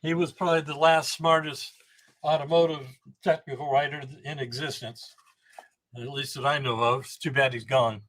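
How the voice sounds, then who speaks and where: A man in his seventies, a guest on a podcast, telling rambling, animated anecdotes about engine building and often restarting his sentences. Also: fairly high pitch, normal speed. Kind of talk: storytelling podcast interview.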